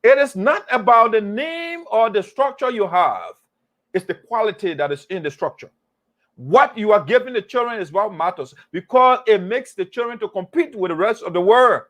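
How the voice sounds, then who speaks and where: A man hosting a political talk show, animated and mocking, repeating phrases for emphasis. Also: high voice, normal speed. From Liberia. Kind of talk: political commentary monologue.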